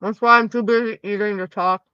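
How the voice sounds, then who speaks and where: A woman's voice: mid-range voice, fairly even intonation, brisk, smooth, no echo, dull audio. A woman streaming a game, chatting loosely with her live viewers and answering them by name. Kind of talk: casual chat with live viewers.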